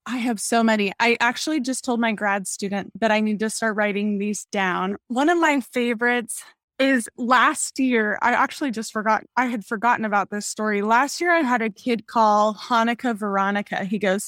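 A young woman, a pediatric speech-language pathologist, telling stories in a podcast interview in a chatty, animated way, laughing often. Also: sits high, moderate pace, no echo, clean studio sound.

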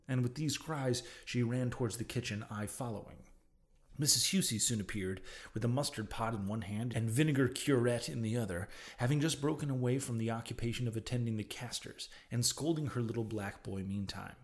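A man reads a classic novel aloud in the first person, measured and dramatic. His voice sits at an ordinary middle pitch for a man. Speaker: audiobook narrator. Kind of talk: scripted novel narration.

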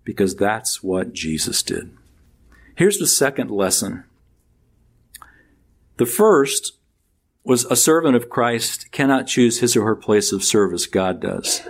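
A man preaching a sermon, reading scripture aloud and explaining it with lively rises and drops in pitch. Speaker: pastor.

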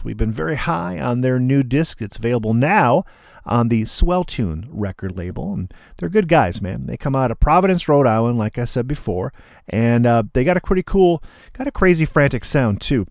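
A male radio DJ talking between records in a relaxed, chatty patter at a middling pitch. He keeps it casual and calls listeners "man". The sound is dry and close, with no room around it. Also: no echo.

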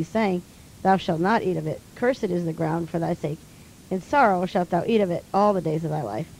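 A woman reading King James scripture aloud slowly and steadily. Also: lowish voice, gravelly, a little mellow, slight background noise, poor audio. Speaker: scripture reader.

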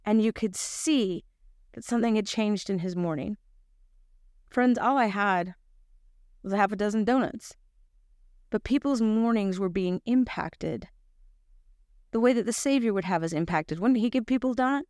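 A middle-aged woman gives a devotional Bible lesson, telling a personal story and acting out the people in it. Her voice is smooth and clear. The recording is dry and close. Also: medium pitch, moderate pace, pauses often, dry recording. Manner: animated storyteller, acts out quoted voices. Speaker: Bible study teacher.

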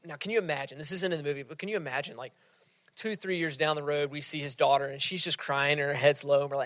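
A man's voice: fairly high pitch, quick pace, no echo. Conversational male preacher, dry sound. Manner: conversational preaching, drops to soft near-whisper for emphasis. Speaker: pastor. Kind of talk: sermon.

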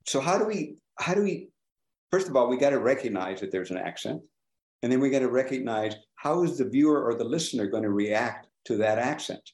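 A man from California, a trial lawyer speaking on a panel, animated and asking questions of the others. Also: medium pitch, a little fast, echoey room. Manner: animated, asks the room questions. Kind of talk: panel discussion.

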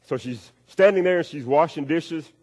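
A man preaching a sermon, acting out a story with swings between loud and hushed delivery. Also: normal speed. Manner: storytelling with acted-out voices, wide swings in pitch and loudness. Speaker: pastor. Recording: long reverb of a hall.

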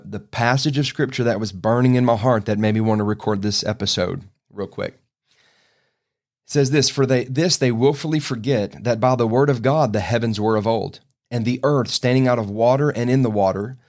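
A man's voice: medium pitch, a little mellow. A man preaching a sermon podcast, reading scripture aloud and breaking into folksy, emphatic asides. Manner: folksy, earnest, rising to emphatic outbursts.

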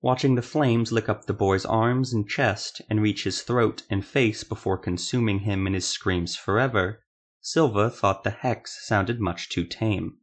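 A man with a fairly low voice narrating a fantasy audiobook. His reading is measured and dramatic.

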